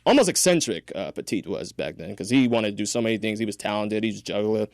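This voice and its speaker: A man's voice: expressive, fast, no echo, studio quality. A man hosting a radio film review show, chatting eagerly and pushing back when he disagrees. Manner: enthusiastic, argues back with rising pitch. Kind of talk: casual film review chat.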